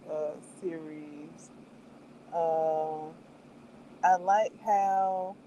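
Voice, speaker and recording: A woman's voice: fairly low pitch, mellow, slight background noise, poor audio. A woman chatting casually on her livestream, taking her time with each thought. She laughs often and acts out her own reactions, then drifts through fillers as she gathers what to say next. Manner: meandering with many fillers. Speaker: livestream host reviewing a show. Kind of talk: casual chat.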